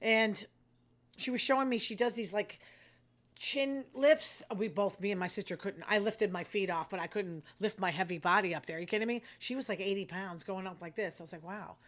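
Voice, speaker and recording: A woman's voice: medium pitch, brisk, fairly bright tone. An older woman, hosting a casual monologue in a blunt, rambling, self-deprecating way. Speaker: host.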